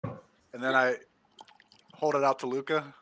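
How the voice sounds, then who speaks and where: A man's voice: mid-range voice, flat delivery, measured pace, sharp tone, no room sound. A man playing in a remote tabletop game, speaking in a dry, offhand way. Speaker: player. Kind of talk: casual chat during a tabletop game.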